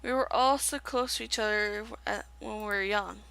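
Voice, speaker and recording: A woman's voice: medium pitch, fairly even intonation, normal speed, gravelly, sharp tone, low-quality recording. A woman reading the lines of a worried, kind young man from a game, in her own voice. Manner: reading game dialogue aloud.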